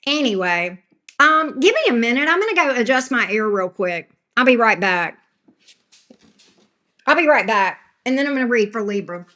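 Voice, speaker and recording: A woman's voice: fairly high pitch, very animated, moderate pace, pushed and bright. An older woman hosting a live tarot stream, chatty and blunt, greeting viewers by name. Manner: chatty, talks straight to chat viewers by name; blunt and sassy. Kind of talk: casual live-stream chat.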